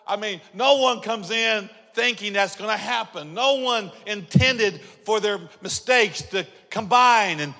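A high-voiced male pastor with a gravelly, bright edge preaches in a sermon, telling stories and acting out voices before rising into shouts. His voice rings with long reverb in a large church sanctuary. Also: unhurried, few pauses. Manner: animated storytelling, acts out dialogue, builds to shouting.

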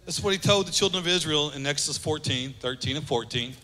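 A man pastor preaching a sermon, earnest, repeating phrases for emphasis and dropping soft on key lines. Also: a little high, quick pace, big-room sound.

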